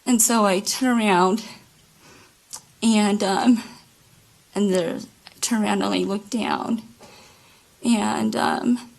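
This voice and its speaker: A woman testifies from the witness stand in a courtroom, speaking slowly and haltingly. Her voice has a gravelly, creaky texture, and she often pauses on fillers and starts her sentences again. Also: medium pitch, fairly even intonation, rough recording. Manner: halting, many fillers and restarts. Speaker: trial witness. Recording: courtroom microphone.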